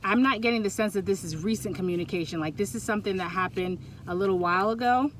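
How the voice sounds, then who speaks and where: A woman giving a pick-a-pile tarot reading, talking in a rambling, halting way that often turns emotional, recorded on a Bluetooth mic. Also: mid-range voice, slight background noise. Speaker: tarot reader.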